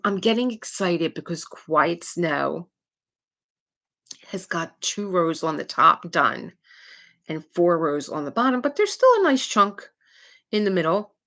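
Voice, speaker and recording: Middle-aged woman host of a casual live stream: a slightly low voice, talkative and rambling, with frequent laughs and filler words. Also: fairly bright tone. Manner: chatty and rambling, laughs often, many "like" fillers. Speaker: livestream host. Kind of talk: casual chat to a live chat audience.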